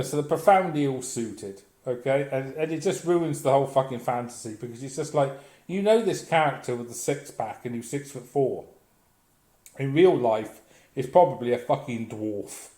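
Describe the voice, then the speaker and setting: A man's voice: medium pitch, mellow. A man delivering a blunt, profane, sardonic comic rant as a vlogger. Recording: echoey room.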